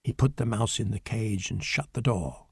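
A man reading a children's storybook aloud in a slow, clear, deliberate manner. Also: fairly low pitch, darkish tone, no echo, clean studio sound. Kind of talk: storybook narration.

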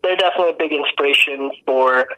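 Young guy musician on the radio, bright forceful voice, slightly high, laid-back. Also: fast talker, lo-fi sound. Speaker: guest singer-songwriter. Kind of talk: casual interview conversation.

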